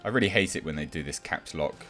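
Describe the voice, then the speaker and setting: A deep-voiced man delivers a sarcastic, exasperated rant as a commentator, mocking and scoffing as he goes. Faint music sits quietly behind his voice. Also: lively intonation, fast. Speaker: YouTube film commentator. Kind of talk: ranting commentary.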